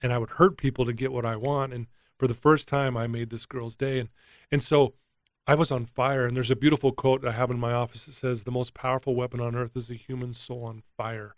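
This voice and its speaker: A man's voice: medium pitch, fairly quick, no echo, studio quality. A middle-aged man, a recovery coach, telling a personal story in an interview, earnest and emotional. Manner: earnest, emotional, animated retelling. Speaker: guest, addiction recovery coach.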